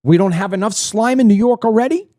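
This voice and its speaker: Blunt, indignant male commentator, dark and dry. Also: high voice, fast, no room sound. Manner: blunt, indignant, emphatic, repeats words when worked up. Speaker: political commentator hosting his own show. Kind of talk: opinionated monologue to camera.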